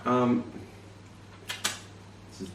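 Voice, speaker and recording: Relaxed, hesitant man, distant roomy sound. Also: drawn-out words, slight background noise. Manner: relaxed, hesitant, many ums. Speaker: vlog co-host. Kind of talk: casual mukbang chat.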